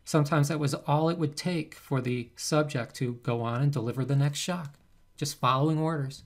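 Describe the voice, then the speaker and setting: A man, a psychology professor, giving a recorded lecture in a conversational, animated way. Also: a little high, moderate pace. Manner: conversational, animated, acts out quoted subjects.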